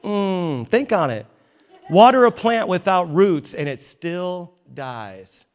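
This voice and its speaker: Male pastor, emphatic sermon delivery, wry asides, a touch higher than typical. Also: very animated, takes it slowly. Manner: emphatic, conversational, joking asides. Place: church in New York.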